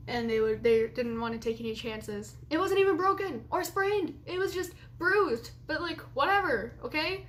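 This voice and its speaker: A woman's voice: fairly high pitch, normal speed, hardly any pauses, a little hiss or hum. Rambling, chatty late-teen woman. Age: late teens. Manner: rambling, chatty, laughs often between remarks. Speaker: vlogger. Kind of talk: casual confessional vlog.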